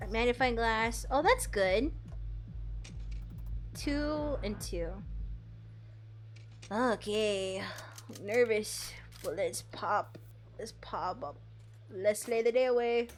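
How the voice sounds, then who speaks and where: A young woman streaming herself playing a game, chatting casually and playfully, swinging from loud outbursts to quiet mumbles. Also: fairly high pitch, slow pace, long pauses, a little hiss or hum. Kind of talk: casual gameplay commentary. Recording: faint game music behind.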